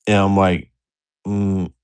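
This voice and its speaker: A man's voice: low-pitched, flat delivery, takes it slowly, darkish tone, clean tone. Crude, rambling man telling a story. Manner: rambling, crude, laughing, mimics dialogue. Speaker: storyteller on a livestream talk show. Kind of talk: casual storytelling.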